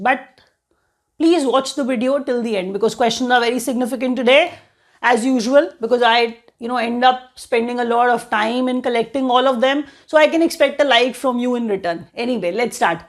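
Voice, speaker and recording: A woman with an Indian English accent teaching an exam-prep current affairs lesson in a chatty way, often saying "you know". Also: on the high side.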